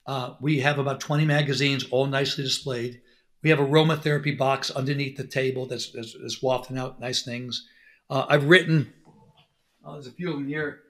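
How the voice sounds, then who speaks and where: A middle-aged man telling stories as a guest on an interview, animated and acting out quoted lines. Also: medium pitch, a little fast. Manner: animated storyteller, acts out quotes. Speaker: podcast guest, dentist. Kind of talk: conversational interview.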